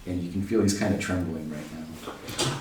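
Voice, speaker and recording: A man as game master, narrating a tabletop game in a soft, hesitant way with many fillers. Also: low voice, moderate pace, background noise. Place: living room at home. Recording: echoey room, distant mic, music behind.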